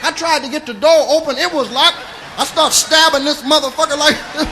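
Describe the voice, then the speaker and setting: A man's voice: very high voice, fairly quick, sharp tone, a faint crowd, a little hiss or hum. A man telling a raunchy comic story in a sing-song, drawling way, often breaking into laughter.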